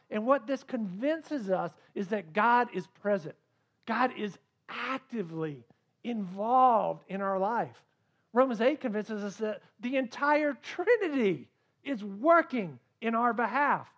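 A man preaching a sermon as a pastor, swinging between loud emphasis and quiet asides. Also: sits high, animated, a little slow.

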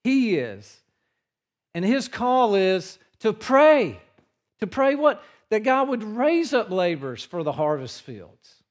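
A man preaching a sermon to his congregation in a church, earnest in tone and dropping his voice low for the quiet passages. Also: sing-song, slow pace. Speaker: pastor.

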